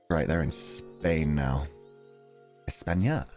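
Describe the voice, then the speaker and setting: A man's voice: very deep voice, darkish tone, soft background music. A man chatting casually and laughing as he plays through a story game. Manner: chatty, giggly, quick to laugh. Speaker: streamer playing a game. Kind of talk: casual gameplay commentary.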